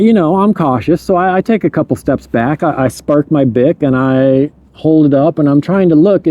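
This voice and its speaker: A man telling a true story from his own life in a casual way, chuckling at his mishaps and stumbling over words as he rushes ahead. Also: a little high, mellow, muffled recording.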